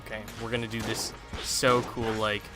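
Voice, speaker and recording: A man's voice: fairly low pitch, little pitch movement, moderate pace. A man giving rambling, chatty commentary while playing a video game. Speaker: let's play host. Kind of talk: live gameplay commentary. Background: game music and gunfire.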